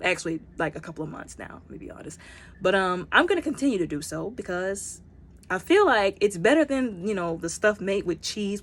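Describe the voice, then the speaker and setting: A woman giving a casual, rambling snack review, talking fast and often repeating herself. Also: mid-range voice. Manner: talks fast.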